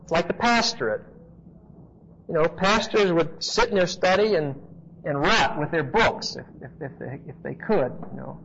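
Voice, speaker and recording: A man with a fairly high voice teaches scripture to a class. He talks conversationally and stresses key points with emphasis. The recording is dull and lo-fi, with a faint hiss underneath. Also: moderate pace, vocal fry, a bit bright. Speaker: Bible teacher. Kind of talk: expository Bible teaching to a class.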